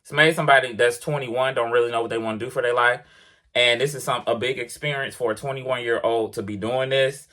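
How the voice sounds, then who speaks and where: A man's voice: medium pitch, a little fast. A man telling a casual, emphatic story about leaving his job, quoting conversations as he goes. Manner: animated, emphatic, quotes conversations in voices. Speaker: truck driver vlogger. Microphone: action camera mic. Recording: action camera.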